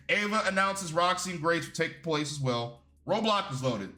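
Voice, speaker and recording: Bright-voiced, profane male wrestling reviewer. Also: a little high, moderate pace. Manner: profane, animated and opinionated. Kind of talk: casual video review.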